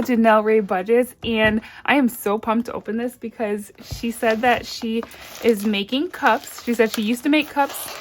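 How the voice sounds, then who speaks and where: Bubbly, excitable woman vlogger. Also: fairly high pitch, a little hiss or hum. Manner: bubbly and excitable, squeals and gasps; murmured counting of cash. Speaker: budgeting vlogger. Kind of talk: casual vlog chat.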